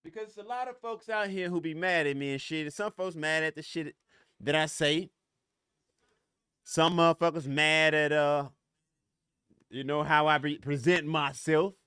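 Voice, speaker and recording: A man's voice: on the high side, fairly even intonation, normal speed, pauses often, sharp tone, clear, resonant tone, no echo, clean studio sound. A middle-aged man hosting a podcast, ranting in a profane, heated and confrontational way, often stumbling over restarts. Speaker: podcast host. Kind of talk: solo podcast rant.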